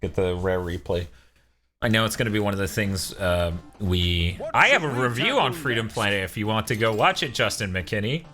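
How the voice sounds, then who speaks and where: A man doing casual live-stream commentary over a game, ranting with profanity and quick laughs. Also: lowish voice, bright, forceful tone. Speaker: streamer playing and reviewing a game. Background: game music.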